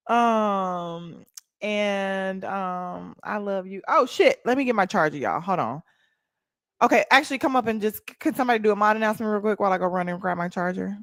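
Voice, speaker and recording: Sassy young woman on a livestream, aave accent, super lively, bright and dry close mic. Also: medium pitch, normal speed, dry recording. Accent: African American Vernacular English. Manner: animated, sassy, talks back to chat. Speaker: livestream host. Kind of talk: casual livestream chat.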